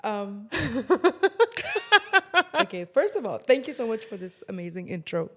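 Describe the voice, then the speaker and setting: A woman's voice: medium pitch, big pitch swings, unhurried, a bit bright. A woman from Egypt in her thirties, a kids life coach and podcast guest who talks thoughtfully and laughs often. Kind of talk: podcast interview.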